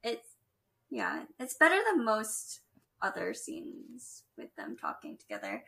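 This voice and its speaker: Bright, high-voiced chatty woman. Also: huge pitch swings, a little slow, gravelly. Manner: filler-heavy, laughing, trails off softly. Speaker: podcast co-host. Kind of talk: casual chat about a TV episode.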